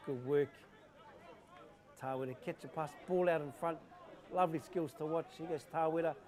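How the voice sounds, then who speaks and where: A man commentating a live touch rugby match, chatty and quick to laugh. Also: a little high. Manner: chatty, laughing, excitable calls. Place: outdoor sports field. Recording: outdoor crowd noise.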